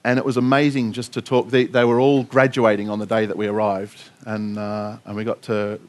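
A man's voice: lowish voice, level tone, brisk. A man speaking as a pastor, giving an earnest sermon testimony, telling a story with frequent restarts.

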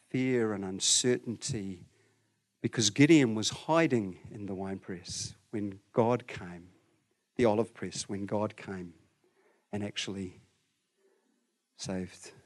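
Posing questions to his listeners, a man preaches a conversational sermon that alternates between loud, emphatic stretches and quiet, low moments.

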